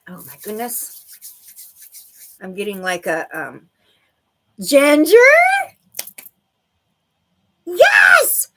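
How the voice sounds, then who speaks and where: A woman's voice: mid-range voice, huge pitch swings, drawn-out words, long pauses, raised voice, background noise. A woman giving intuitive readings to viewers on a livestream, bubbly and giggly, full of "like" and "okay". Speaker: livestream psychic reader.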